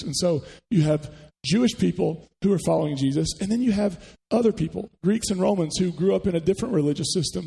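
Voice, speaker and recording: A man's voice: fairly high pitch, vocal fry, warm tone, breathy edge, in a large hall, rough recording. A man preaching a sermon to a church congregation, talking conversationally and putting questions to the listeners. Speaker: pastor. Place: church sanctuary.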